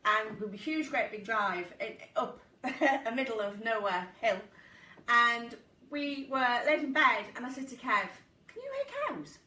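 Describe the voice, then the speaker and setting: A woman's voice: fairly high pitch, measured pace, pushed and bright. A woman hosting a casual live stream from her living room, chatty and giggly as she tells stories. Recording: echoey room, mic at a distance, faint noise.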